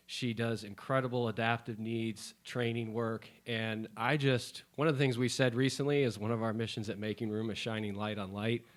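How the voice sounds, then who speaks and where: A man co-hosting a podcast in a studio, talking casually and enthusiastically in quick bursts. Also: medium pitch. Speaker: podcast co-host. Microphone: studio microphone.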